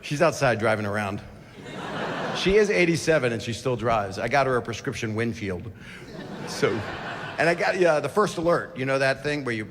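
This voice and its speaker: Crowd ambience fills a reverberant hall as a middle-aged comedian delivers a rambling, crude bit, forever digressing and interrupting himself. His voice is mid-range, and there's background noise.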